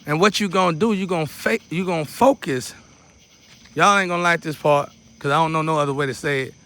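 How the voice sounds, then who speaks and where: A man's voice: on the high side, brisk, pushed and bright. Man leading a loose preacherly meditation. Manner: loose and repetitive, preacherly asides. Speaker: spiritual teacher. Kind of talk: casual guided meditation teaching.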